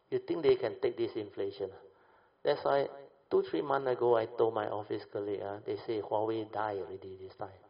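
A man's voice: medium pitch, gravelly. A man giving an informal lecture to an audience, lecturing with rhetorical questions and tag particles. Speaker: speaker addressing an audience. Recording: dull lo-fi recording.

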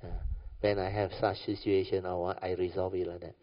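A man's voice: low voice, level tone, brisk. Malaysian man giving a chatty dharma talk. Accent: Malaysian English. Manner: conversational, keeps asking "understand or not?". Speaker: Buddhist dharma speaker. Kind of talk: informal dharma talk with stories. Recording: echoey hall, dull lo-fi sound.

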